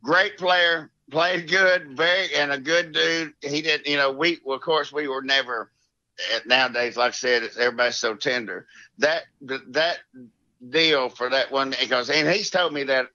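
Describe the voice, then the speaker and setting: A middle-aged man from Alabama with a Southern accent, telling rambling, animated stories as a podcast guest. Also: medium pitch, moderate pace, no room sound, lo-fi sound. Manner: rambling, animated, drawling with frequent laughs and restarts. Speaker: guest, former mini-tour golfer. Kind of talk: casual storytelling.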